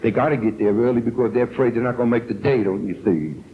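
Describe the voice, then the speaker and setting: A man's voice: mid-range voice, fast, slight background noise. An older man with a New York accent, telling his own story earnestly to a recovery meeting and acting out the people he quotes. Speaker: AA speaker. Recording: tinny old tape recording.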